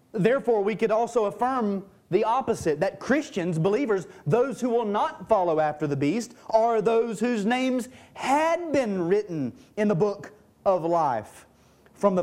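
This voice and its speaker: Emphatic male preacher with a mellow tone. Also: high-pitched. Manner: emphatic, stresses key words, reads and explains scripture. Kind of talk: sermon.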